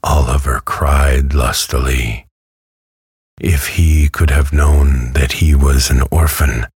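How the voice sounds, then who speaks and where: Man, soothing bedtime narrator; extremely deep, gravelly, breathy voice; dry close mic. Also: no echo. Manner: calm, soothing, slow. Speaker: audiobook narrator.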